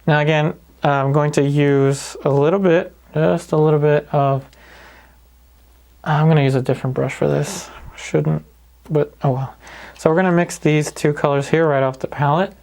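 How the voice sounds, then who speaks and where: Guy with a gravelly voice walking you thru a paint-along, relaxed and easygoing. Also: a little high, moderate pace. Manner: calm, easygoing, talks through each step. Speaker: painting instructor. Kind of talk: paint-along tutorial narration.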